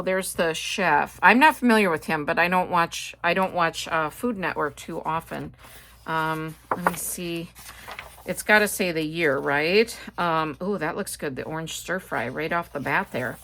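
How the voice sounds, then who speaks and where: A middle-aged Midwestern woman hosts a haul video, chatting casually about her shopping and rambling with plenty of fillers and asides. Her voice is fairly low, bright, and forceful.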